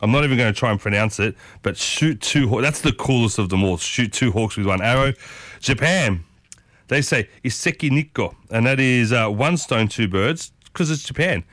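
A man's voice: medium pitch, expressive, normal speed, a bit bright, dry recording. A man hosting a radio show, chatty and enthusiastic, often calling his listeners folks. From Italian heritage. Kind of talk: casual radio talk segment. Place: radio studio.

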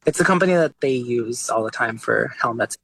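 A man, an artist being interviewed, talking in a relaxed, chatty way with many fillers. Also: mid-range voice, a little fast, gravelly, husky, no room sound, poor audio. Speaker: artist guest. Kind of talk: casual interview talk.

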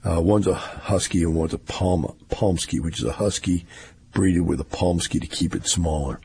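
A man's voice: low-pitched, normal speed, a little mellow, slightly rough. An older man, giving a rambling, folksy casual monologue with wry asides.

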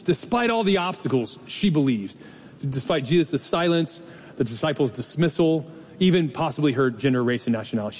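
A man's voice: a little mellow, husky. A man preaching a sermon as pastor, in a conversational, storytelling way with rhetorical questions. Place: church sanctuary. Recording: long reverb hall, faint rumble.

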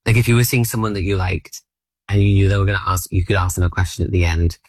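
A man's voice: low voice, fast talker, breathy edge, dry recording. A man in his thirties with an Australian accent, a stand-up comedian chatting as a guest, rambling and self-deprecating with plenty of "like". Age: 30s. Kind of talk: casual interview chat.

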